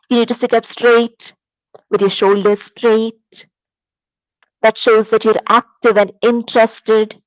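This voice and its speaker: Woman teacher, Indian English accent, slow emphatic lecturing, dry close sound, slightly dull recording. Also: fairly high pitch, no room sound. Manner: slow, deliberate, emphatic instruction. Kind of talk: classroom lecture.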